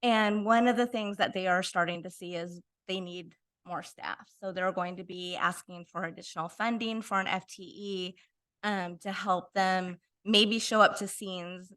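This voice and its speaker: A woman giving her council member report in a city council chamber. She talks in a loose, informal way with frequent pauses, at a middle pitch. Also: steady tone, a bit bright.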